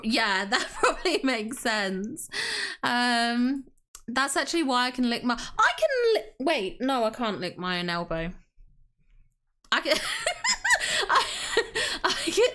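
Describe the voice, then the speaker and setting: Woman, game streamer, giggly casual chat, unhurried, bright tone. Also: a little high. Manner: giggly, laughing to tears, self-deprecating.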